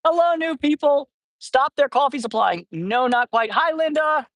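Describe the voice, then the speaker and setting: A man's voice: very high voice, lively intonation, normal speed, fairly bright tone, dry recording. Streamer, young man, casual and jokey, dry close sound. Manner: playful, joking, greets chat viewers, laughs often. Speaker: livestream host feeding stray cats. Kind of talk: casual livestream chat. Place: outdoors at a cat colony.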